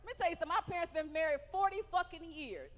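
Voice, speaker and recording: On a comedy stage in a large hall, a woman performs stand-up, brash and profane, poking fun at audience members. Her very high voice races along. The live venue adds long hall reverb.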